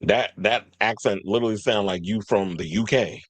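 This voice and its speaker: A man's voice: on the low side, moderate pace, no echo. A man hosting a casual pop-culture show, chatty and rambling, often losing track of names. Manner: chatty, tangential, forgets names. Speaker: podcast host.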